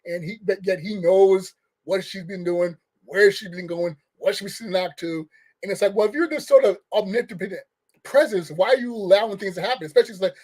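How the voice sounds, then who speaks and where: A man's voice: sits high, animated, normal speed, darkish tone, husky. A man giving a casual, rambling movie review rant, firing off questions with restarts and short laughs. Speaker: film reviewer.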